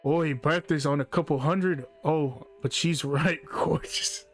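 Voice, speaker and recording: A man's voice: a little high, slow pace, faint music behind. A man putting on a gushing Australian TV presenter. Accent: put-on Australian. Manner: gushing, exaggerated.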